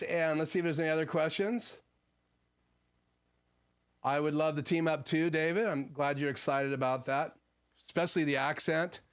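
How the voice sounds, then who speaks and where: Male streamer, clear voice pitched a touch high, relaxed gear-talk from a home studio. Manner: conversational, frequent "um" fillers, explanatory. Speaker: livestream host. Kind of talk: casual gear talk answering live chat.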